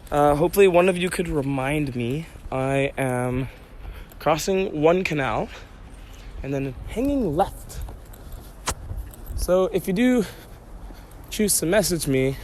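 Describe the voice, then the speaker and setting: A fairly high-voiced man chats to himself in a loose, joking way as he walks through city streets. Faint traffic and street noise sit behind him. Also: a little mellow. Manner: playful, joking self-talk with digressions. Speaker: podcast host. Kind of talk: rambling solo podcast while walking. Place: outdoors on city streets by canals.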